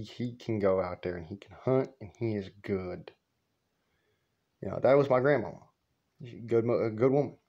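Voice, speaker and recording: A man's voice: mid-range voice, lo-fi sound. A man telling a profane, rambling story, laughing often. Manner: rambling, cussing, laughs a lot. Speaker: vlogger storyteller.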